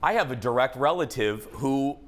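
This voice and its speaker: A man's voice: mid-range voice, expressive, normal speed. A man hosting a live talk show, bantering playfully and laughing often.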